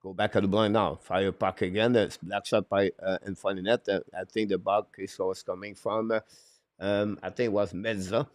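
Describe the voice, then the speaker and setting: A man calling hockey play-by-play on a live stream. He talks haltingly, with frequent "uh" fillers, broken English phrasing and apologetic self-corrections. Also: fairly low pitch, flat delivery, dry recording, studio quality. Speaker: play-by-play commentator and show host.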